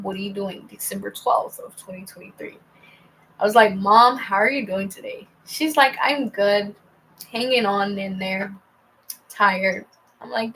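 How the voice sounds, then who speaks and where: A young woman telling a personal story in a casual vlog, rambling and halting as she reads out old texts. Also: medium pitch, creaky, fairly bright tone, slightly rough, low-quality recording. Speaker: vlogger.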